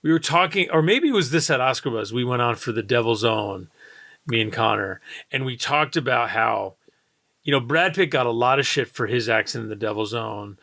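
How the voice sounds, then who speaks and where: Excitable guy gushing about movies, bright sharp voice, swears a lot. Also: medium pitch, normal speed, vocal fry. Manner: animated, excitable, swears and mimics lines. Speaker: podcast co-host. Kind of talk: casual film podcast chat.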